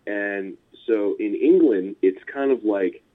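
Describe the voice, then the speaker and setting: Over tinny phone-line audio, a man with a fairly low voice and a Californian American accent, a punk musician guest, chats casually in an interview. He rambles, chuckles quickly, and scatters "like" and "you know" everywhere.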